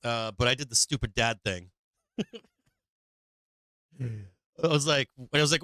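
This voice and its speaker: A man's voice: mid-range voice, measured pace, pauses often, sharp tone, clear, resonant tone, dry recording. An older man from Boston with a Boston accent, hosting a livestream and telling a rambling story in casual chat, laughing often and swearing freely. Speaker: livestream host.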